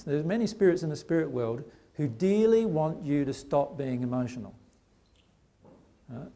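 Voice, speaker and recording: A man's voice: medium pitch, dark tone. A man giving an earnest seminar talk to a live audience, often checking in with "right?". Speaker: spiritual teacher.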